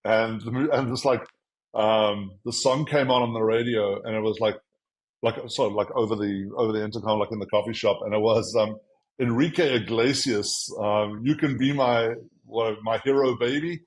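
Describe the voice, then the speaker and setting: This lowish-voiced South African speaks at a normal speed over low-quality audio. He founded an agency and walks through his career in a casual interview, lively as he voices quotes from himself and others.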